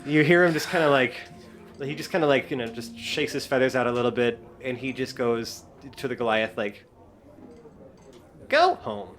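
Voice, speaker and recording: A man running a tabletop game, narrating loosely with many fillers. His voice sits at a middle pitch. Faint music plays behind him. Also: steady tone, fairly quick, fairly bright tone. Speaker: game master.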